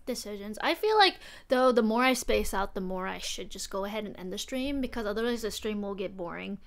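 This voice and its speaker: A woman's voice: medium pitch, expressive, fairly quick, gravelly. A young woman livestreaming, chatting casually and rambling as she thinks aloud. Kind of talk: casual stream chat.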